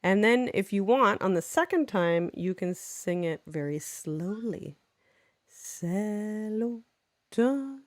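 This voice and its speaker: A woman teacher giving an unscripted walkthrough of her classroom games. She talks in a chatty, playful way, drops in quick French examples, and teases herself in small asides. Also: fairly low pitch, no echo. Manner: jumps into lively French examples while explaining.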